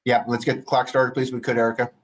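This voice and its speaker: A man's voice: medium pitch, little pitch movement, racing. A man chairing an online public hearing over a video call, polite and hesitant with many fillers.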